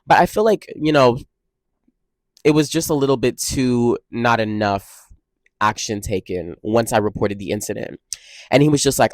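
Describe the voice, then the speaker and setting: A young man in college telling a dramatic storytime vlog, expressive and full of slang and swearing. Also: mid-range voice, moderate pace, no echo. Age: young adult. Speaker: college student vlogger.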